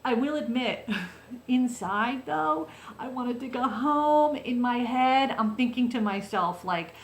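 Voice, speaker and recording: A woman vlogger telling a story to the camera in a casual, animated way, often checking in with her viewers. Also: on the high side, takes it slowly, roomy sound, slight background noise.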